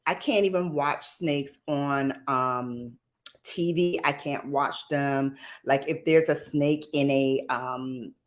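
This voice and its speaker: A woman's voice: a bass voice, takes it slowly. A woman hosting a casual livestream, chatting in a rambling way, laughing often and reading out viewer comments. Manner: reads viewer comments aloud. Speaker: livestream host. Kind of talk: casual live chat.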